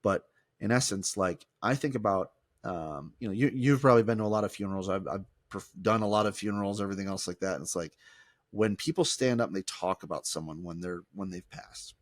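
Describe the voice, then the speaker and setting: A lowish male voice on a close, dry studio mic, a former pastor chatting on a podcast. He talks in an animated way, often restarting his sentences. The sound is close and dead. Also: a little fast, no echo. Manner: animated, restarts often, mimics people in quotes. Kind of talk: casual conversational podcast.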